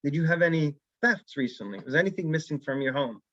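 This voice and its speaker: A man's voice: a little high, fast talker, no room sound, lo-fi sound. A man teaching a weekly Torah class as a rabbi, telling a story and acting out the characters' lines. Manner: animated storyteller who acts out characters' lines.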